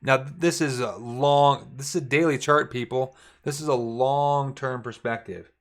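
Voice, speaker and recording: A man's voice: mid-range voice, steady tone, unhurried. A middle-aged man giving a casual, repetitive trading lesson while drawing on charts. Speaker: trading instructor. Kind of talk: screen-share trading lesson.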